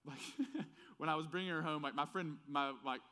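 Animated preacher with a faint Southern accent. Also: male voice, a little high, brisk, clear, resonant tone. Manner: animated, storytelling, conversational with many fillers. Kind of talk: casual sermon.

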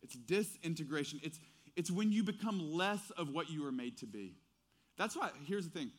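Earnest pastor with a drawl. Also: male voice, a little high, lively intonation, moderate pace. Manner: swings from hushed to loud, earnest storytelling. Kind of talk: sermon.

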